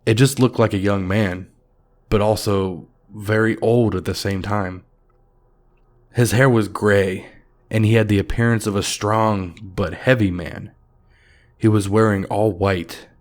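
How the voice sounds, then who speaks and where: A man with a very deep, low voice narrates a horror story. His delivery is measured and somber, paced for a creepy tale. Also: steady tone.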